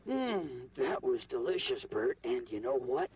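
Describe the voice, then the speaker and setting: Gentle gloomy woolly giant creature, slow sighing drawl, swoopy tone, noisy old tv audio. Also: male voice, medium pitch, big pitch swings. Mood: sorrowful. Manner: slow, mournful, sighing delivery. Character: huge shy woolly mammoth-like male creature, gentle and gloomy.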